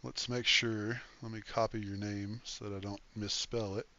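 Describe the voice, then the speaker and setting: A man's voice: lowish voice, flat delivery, moderate pace, sharp tone, highs cut off. An older man hosting a casual game livestream, reading chat aloud in an easygoing, folksy way and thanking viewers.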